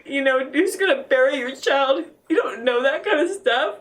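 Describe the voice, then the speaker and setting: A woman gives a grieving personal testimony in an interview, her voice high and her words slow. She cries and laughs through tears as she speaks. The microphone sits some distance from her. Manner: crying and laughing through tears while recounting. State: tearful. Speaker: interview guest.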